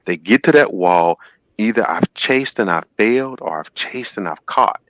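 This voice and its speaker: A man hosting a call-in show, retelling a story in an animated, sermon-like way and acting out the quotes. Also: on the low side, moderate pace, no room sound, dull audio.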